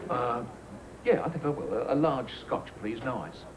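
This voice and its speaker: An actor with an English accent playing a calm, quietly menacing detective who speaks softly. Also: male voice, lightly acted. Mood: dry. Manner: soft-spoken, measured, low threat. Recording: noisy old videotape broadcast.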